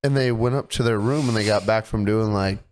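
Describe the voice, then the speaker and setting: A man's voice: lowish voice, fairly quick, a little mellow, slight background noise. A man co-hosting a podcast, telling a story in casual chat with lots of swearing and indignation. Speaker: podcast co-host.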